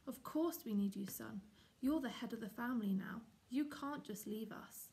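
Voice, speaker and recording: A woman voicing a proud, stern father cat in a storybook reading, cold and dismissive, with a gravelly voice. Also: a little high, normal speed, dark tone.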